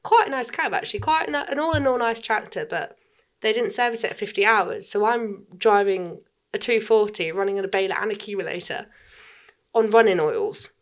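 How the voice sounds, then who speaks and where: A woman's voice: mid-range voice, brisk. A young woman chatting casually as a podcast guest. She tells her story bluntly, swears freely and acts out what others said. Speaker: podcast guest, farm worker.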